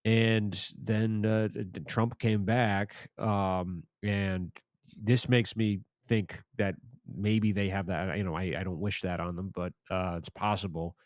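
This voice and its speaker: A man's voice: on the low side, flat delivery, takes it slowly, dry recording, studio quality. A man appearing as a guest on a podcast, talking casually with many hesitations and fillers. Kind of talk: casual chat.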